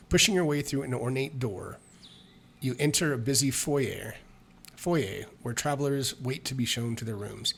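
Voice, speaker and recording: Man narrating a solo adventure, mid-pitched gravelly voice, faint hiss, casual. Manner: chatty, self-mocking asides. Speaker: solo tabletop game player and narrator. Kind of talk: reading an adventure book aloud with casual asides.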